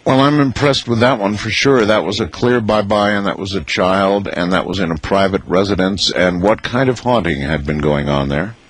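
A man hosting a radio interview, folksy and prone to chuckling, with a husky voice. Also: sits low, normal speed, hardly any pauses. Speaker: radio host.

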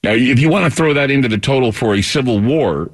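A man's voice: mid-range voice, fast talker. A tired male talk radio host in a rambling monologue, often repeating words and restarting.

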